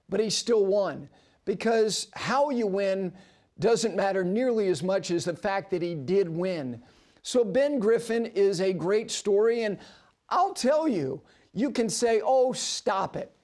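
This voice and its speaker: High-voiced animated man hosting a golf show. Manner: animated storyteller with emphatic asides. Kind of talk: broadcast sports commentary. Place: TV studio.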